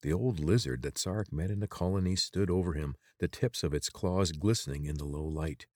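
A man narrating an audiobook in a steady, even storytelling manner. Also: sits low, brisk, no echo, studio quality.

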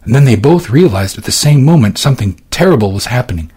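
A man's voice: mid-range voice, lively intonation, fast, a little mellow, slightly rough. A man giving dramatic scripted narration of a novel as an audiobook narrator. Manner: dramatic, swinging delivery.

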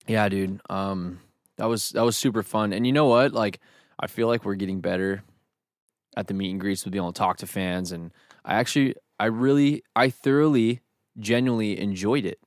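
A man's voice: on the low side, fairly even intonation, normal speed, no echo, clean studio sound. A young man co-hosting a podcast in casual chat, telling stories with enthusiasm, swearing often and saying "dude" and "bro". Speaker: podcast co-host, band member.

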